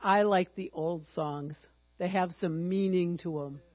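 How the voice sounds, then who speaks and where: A woman in her sixties teaches a Bible lesson in a chatty, joking way. Her talk leaps into excited outbursts. The recording sounds muffled and dry, with a faint hum underneath. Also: fairly low pitch, unhurried, no echo. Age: 60s. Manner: chatty and humorous, bursting into excited exclamations.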